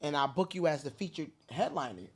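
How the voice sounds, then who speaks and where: A woman's voice: low voice, fast talker, pitched below the performer's own voice. A woman doing a blunt, brusque show runner. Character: blunt, tough woman running a comedy show.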